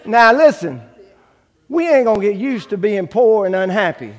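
A man with a drawl preaches in a high, bright tenor, acting out the people in his testimony. His voice rings with a long reverb off the church sanctuary. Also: moderate pace. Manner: animated storytelling, acts out quoted voices. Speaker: guest preacher. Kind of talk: sermon with personal testimony.

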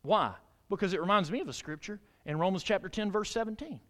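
A man preaching a sermon to a congregation in a church, with animated delivery that rises to emphatic peaks and drops low, and frequent questions put to the listeners. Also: fast talker. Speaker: pastor.

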